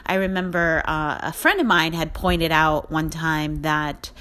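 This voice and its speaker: A woman's voice: low voice, a little slow, fairly bright tone. A middle-aged woman hosting a podcast, talking in an earnest, encouraging way and rambling with restarts. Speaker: podcast host. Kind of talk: casual motivational monologue.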